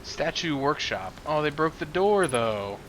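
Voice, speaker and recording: A male streamer giving chatty, excitable gameplay commentary at home and talking back to his cat now and then. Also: a little high, measured pace, a little hiss or hum.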